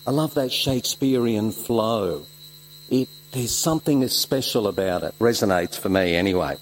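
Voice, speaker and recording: A man from Switzerland, preaching a sermon with emphatic exclamations and soft asides. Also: on the low side, expressive, normal speed, slight background noise, poor audio. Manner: emphatic, swings between loud exclamations and soft reflective asides.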